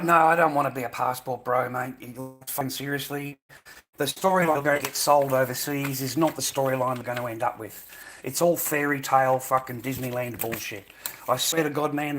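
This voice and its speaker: A man's voice: medium pitch, a bit bright. An Australian man ranting to camera in a profane, repetitive way, calling everyone "mate". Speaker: vlogger.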